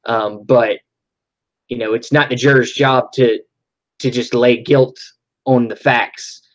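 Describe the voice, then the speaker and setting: A man's voice: medium pitch, steady tone, slow pace, muffled recording. A man talking casually about a film, rambling with lots of restarts and fillers. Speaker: podcast co-host.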